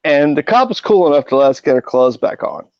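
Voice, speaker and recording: A man's voice: fairly high pitch, animated, a little fast, no room sound. A middle-aged man hosting a podcast, telling rambling, profane anecdotes in a casual way. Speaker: podcast host. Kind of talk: casual storytelling. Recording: dull lo-fi audio.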